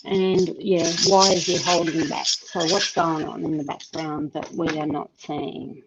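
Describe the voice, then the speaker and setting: A woman's voice: low voice, flat delivery, a little slow, very noisy. A woman with a Tasmanian Australian accent hosting a live stream, chatting as she reads tea leaf charms, thinking aloud with many ums. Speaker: host and tea leaf reader. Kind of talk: live-stream reading chat.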